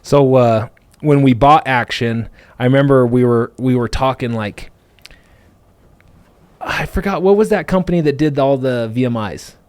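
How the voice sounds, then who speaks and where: A man's voice: mid-range voice, no echo. Guy hosting a podcast, super casual storytelling, dry close mic, keeps saying like and you know. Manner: fast, animated, full of fillers like "like" and "you know". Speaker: podcast host and business owner.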